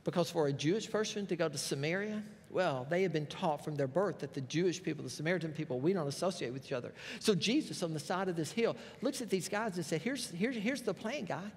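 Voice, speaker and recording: High-voiced pastor preaching. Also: male voice, fast, few pauses, a little hiss or hum. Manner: storytelling, animated retelling of scripture with folksy asides. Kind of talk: sermon. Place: church sanctuary. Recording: long reverb of a church hall.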